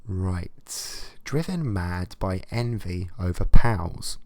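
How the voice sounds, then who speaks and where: A young man with a fairly low voice delivers a sarcastic, swear-heavy comedic rant. He reads letters aloud and mocks them. The sound is dry, with no room echo. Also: lively intonation, extremely slow, a little mellow. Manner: profane, sarcastic ranting. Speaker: vlogger.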